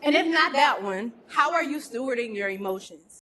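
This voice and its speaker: A woman's voice: on the high side, animated, moderate pace, pushed and bright, slight background noise. A woman leading a faith-based business teaching, asking her listeners pointed questions and using football comparisons. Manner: preacherly, uses football analogies, asks the audience direct questions. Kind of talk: teaching with slides.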